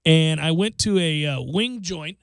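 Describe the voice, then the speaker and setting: A middle-aged man hosting a sports radio show, telling stories in an animated, ranting way. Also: on the high side, a little slow, vocal fry, smooth, dry recording. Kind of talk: casual sports radio chat. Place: radio studio. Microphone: studio microphone.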